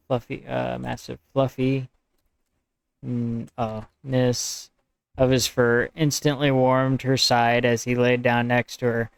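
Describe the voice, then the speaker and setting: Smooth-voiced American man reading his draft. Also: mid-range voice, no echo. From United States. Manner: stops to correct his own wording while reading; rambling and conversational. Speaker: streamer and writer. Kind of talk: reading his own draft aloud and chatting with viewers.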